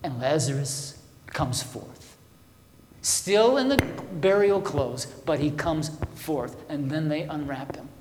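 A man preaching a sermon as a pastor, conversational and questioning his listeners, moving between loud emphasis and quiet asides. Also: a little high, a little hiss or hum. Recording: echoey hall with long reverb.

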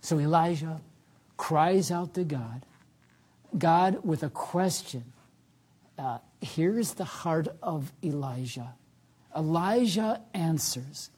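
Husky-voiced male pastor preaching. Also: expressive, takes it slowly. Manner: reads scripture with rising emphasis, then drops low and soft to reflect. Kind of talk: sermon.

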